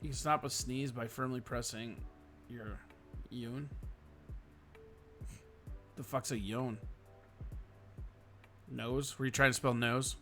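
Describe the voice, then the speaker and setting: A man's voice: medium pitch, steady tone, slow, long pauses, a bit bright, soft background music. A man hosting a casual livestream, reading chat comments aloud and answering them bluntly, with lots of swearing, sighs and yawns. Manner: frequent yawning and sighing.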